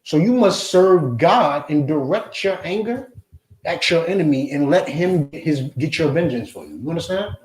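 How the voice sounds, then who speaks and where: Forceful preaching man in an echoey room. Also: a little high, expressive, normal speed. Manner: blunt, forceful, repetitive questioning. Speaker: Hebrew Israelite teacher. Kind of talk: confrontational preaching lesson.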